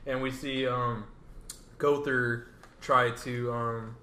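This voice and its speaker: A man's voice: mid-range voice, little pitch movement, takes it slowly, bright, forceful tone, reverberant, a little hiss or hum. A man co-hosting a podcast, recapping a comic chapter in a loose, casual way with many ums and likes. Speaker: podcast co-host.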